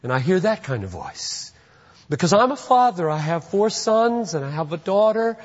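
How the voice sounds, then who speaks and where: Husky guy preaching, gets fervent, big hall echo, muffled lo-fi sound. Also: high voice, sing-song, moderate pace. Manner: earnest, swells to fervent emphasis. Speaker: pastor. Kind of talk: sermon. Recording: dull, lo-fi recording in a reverberant hall.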